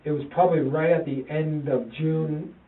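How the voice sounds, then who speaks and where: A man, a father in a police interview, talking haltingly, repeating himself and quoting his sons. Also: on the high side, fairly even intonation. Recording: tinny, roomy, distant interview-room recording.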